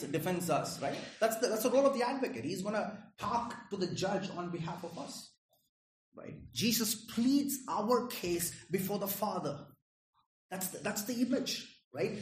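A man's voice: high-pitched, echoey room, poor audio. A man preaching a sermon in an earnest way, often asking the audience questions and repeating his words.

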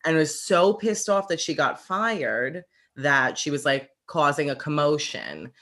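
Female podcast guest, low voice, plain plot recap. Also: lively intonation, unhurried, a bit bright. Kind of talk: casual chat.

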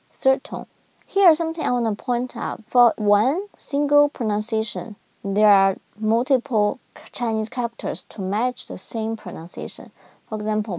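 A woman's voice: on the high side, a little mellow, no echo. A woman teaching a Mandarin lesson in English, patiently sounding out syllables and exaggerating each tone. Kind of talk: scripted language lesson.

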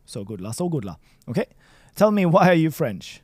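A man's voice: fairly high pitch, very animated, a little fast, husky, no room sound. A man from Sweden tutoring Chinese in a casual lesson, encouraging and playful, praising his student often. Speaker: language tutor.

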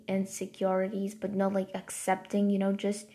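A woman talks to her viewers in a loose, rambling vlog, with "like" filling every gap. Her voice has a gravelly, fry-heavy edge. Her pitch sits right in the middle for a woman. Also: monotone, measured pace. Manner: rambling, heavy use of "like" fillers; passionate, then softer and quieter. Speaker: vlogger. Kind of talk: casual talk to camera.

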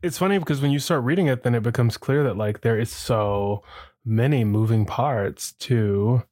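Man from the American South, mid-pitched, chatty joking podcast co-host. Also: moderate pace, a little mellow. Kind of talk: casual movie-review chat.

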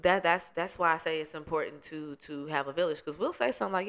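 A man's voice: on the high side, fast talker, gravelly. A man co-hosting a casual chat, speaking earnestly about respect and community. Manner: earnest, preachy, animated when quoting others. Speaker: podcast co-host.

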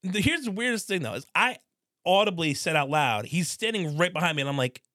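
A young man co-hosting a podcast, telling a story in a casual, animated and vulgar way and acting out what people said. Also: a little high, fairly quick, dry recording, clean studio sound. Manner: animated, vulgar, acts out quotes. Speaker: podcast co-host.

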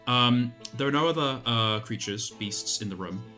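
A man narrating a tabletop game as game master, in a relaxed, descriptive way with many fillers. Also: mid-range voice, normal speed, faint music behind.

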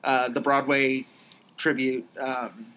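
A woman's voice: a bass voice, level tone, slow, fairly bright tone, rough recording. A woman hosting a podcast in casual chat, running through upcoming releases in a matter-of-fact way. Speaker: podcast host.

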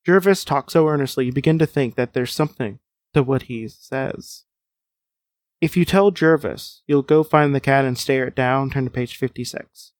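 A man's voice: mid-range voice, no room sound. A man hosting a podcast, reading out a choose-your-own-adventure story and chatting casually with laughs between passages. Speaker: host and gamebook reader.

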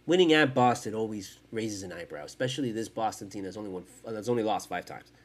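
A man hosting a sports podcast, ranting in casual, profane, animated talk. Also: fairly low pitch, fast. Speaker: podcast host.

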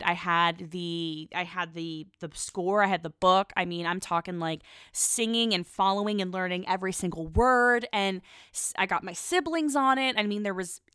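A woman's voice: lowish voice, fairly bright tone, clear, resonant tone, no echo, studio quality. A young woman in her twenties chatting casually in a rambling, gushing podcast monologue, full of fillers and restarts.

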